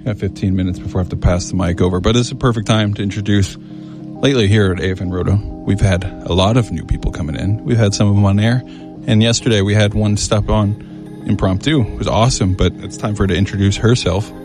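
A male radio host with a lowish voice who rattles along at a brisk pace. He chats casually in the studio in an even, self-described monotone. Faint music plays beneath his talk. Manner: calls himself monotone, laid-back delivery. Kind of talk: casual on-air radio chat. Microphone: studio microphone.

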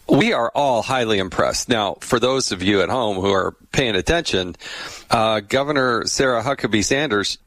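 A man's voice: medium pitch, a bit bright, dry recording. A middle-aged man hosting a podcast, chatting casually, laughing and acting out voices in his stories. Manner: chatty, laughs often, acts out quoted voices. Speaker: podcast host. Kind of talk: casual interview chat.

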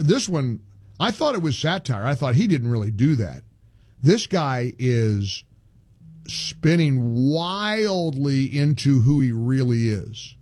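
Older man, radio host, mellow dark tone, dry studio sound, emphatic and animated. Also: slightly rough, dry recording. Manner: animated, emphatic, rising pitch when ranting. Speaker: radio talk show host. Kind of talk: talk radio monologue.

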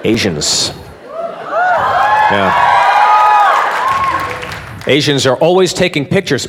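Loud, animated male stand-up, swooping pitch, noisy crowd. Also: normal speed. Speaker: stand-up comedian. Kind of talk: stand-up routine.

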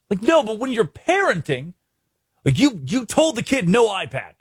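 A man's voice: high voice, wildly swooping pitch, normal speed, breathy edge, no echo, studio quality. A man from Arkansas hosting a sports talk show, ranting emphatically and restarting his sentences. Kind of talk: animated sports commentary.

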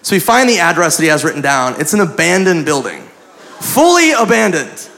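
A man doing stand-up, telling a story in an animated, profane way and acting out the people in it, on a club mic. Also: fairly high pitch, brisk, vocal fry. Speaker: stand-up comedian. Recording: live club mic with a noisy crowd.

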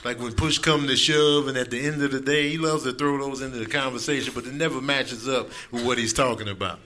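A middle-aged man doing a stand-up set, acting out his friends and sons in voices. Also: brisk. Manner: animated, acts out friends and family in high voices. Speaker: stand-up comedian. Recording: live club set with clear background noise.

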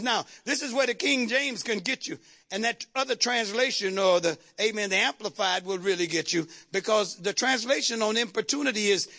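A man's voice: extremely high pitch, brisk, creaky, pushed and bright. A man preaching a dramatic, humorous sermon with call-and-response. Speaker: pastor.

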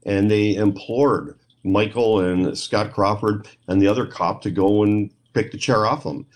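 A man's voice: on the low side, unhurried. A middle-aged man telling a rambling story in an interview, acting out the voices of the people in it. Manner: rambling, animated retelling with quoted voices. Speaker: guest, paranormal investigator.

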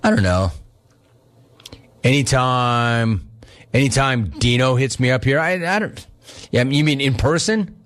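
On his sports radio show, a middle-aged host answers listener questions in a casual, chatty way. His voice is mid-range, a little slow, with frequent pauses, and his stories are animated, with quoted lines acted out.

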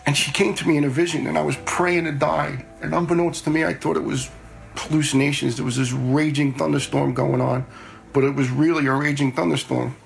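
A man's voice: a little high, steady tone, brisk, vocal fry, faint music behind. A middle-aged man telling a personal story in a plain-spoken, earnest way, often repeating words as he goes.

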